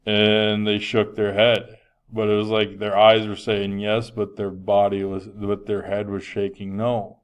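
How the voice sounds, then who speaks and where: Male teacher, lower register, resonant, chatty lecture style. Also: monotone, measured pace, clean tone. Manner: conversational, frequent um fillers, projecting voice. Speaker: health teacher. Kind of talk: classroom lecture.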